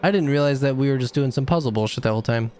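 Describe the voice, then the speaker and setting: A man's voice: medium pitch, racing, darkish tone, soft background music. A young man doing live game commentary as a streamer, chatting with viewers and breaking into frustrated outbursts. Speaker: gaming streamer.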